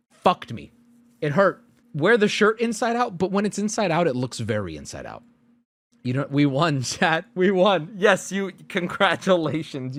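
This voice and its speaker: Animated male streamer telling a story. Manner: animated, swings between loud outbursts and low mumbles. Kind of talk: casual storytelling to chat.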